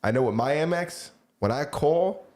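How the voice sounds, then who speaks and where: A man's voice: on the high side, lively intonation, moderate pace, a little mellow. A man co-hosting a podcast in casual chat. He is laid-back and often chimes in with short agreements. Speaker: podcast co-host.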